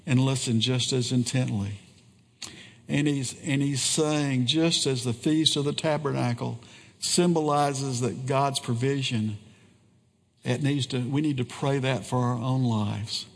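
A man preaching a sermon at a deliberately unhurried pace, leaning on earnest repetition and frequent pauses. His voice sits at an ordinary middle pitch. It rings out with a long reverb, as in a church sanctuary. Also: vocal fry. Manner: slow, earnest preaching with pauses and repeated phrases.

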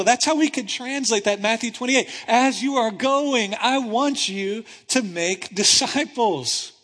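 A man preaching a sermon, swinging between loud, urgent appeals and hushed, intense passages. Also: very high voice, a little slow, hardly any pauses. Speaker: pastor. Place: church sanctuary. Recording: long hall reverb.

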